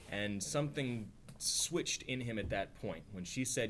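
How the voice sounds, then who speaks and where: Male study-class teacher, lowish voice, chatty, animated quotes, faint noise underneath. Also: a little slow, few pauses. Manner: conversational, acts out quotes with rising voice, frequent "right?". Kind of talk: informal religious teaching.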